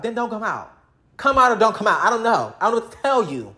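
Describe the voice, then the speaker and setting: Talking fast in a slightly high, sharp-toned voice, a very animated woman vents to her camera. This vlogger addresses her audience head-on, swearing freely and using lots of slang in a casual, blunt rant.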